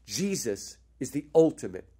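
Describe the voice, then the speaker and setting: Animated male lecturer, lively pitch. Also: moderate pace, breathy edge. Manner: energetic storyteller, addresses listeners as folks, acts out sounds.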